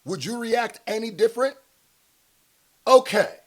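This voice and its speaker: A man's voice: extremely high pitch, animated, a little slow, fairly bright tone. A man hosting casual reaction commentary, talking bluntly with slang and rhetorical questions and laughing often. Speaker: commentary host.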